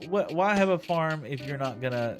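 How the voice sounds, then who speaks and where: A man's voice: on the high side, expressive, moderate pace, music in the background. Chatty man streaming a game. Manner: rambling, chatty, self-correcting with frequent chuckles. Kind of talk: casual gameplay stream chat.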